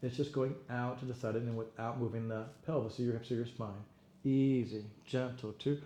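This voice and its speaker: A man leading an exercise class, counting reps and giving steady encouragement and cues. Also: medium pitch, brisk. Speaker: fitness instructor. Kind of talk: guided exercise class cueing. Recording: roomy echo, faint room noise.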